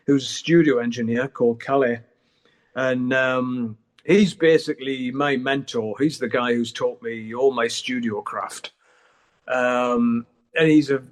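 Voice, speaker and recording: A middle-aged man, chatting candidly as an interview guest and swearing freely as he rambles. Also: mid-range voice. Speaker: guest musician. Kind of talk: casual interview chat.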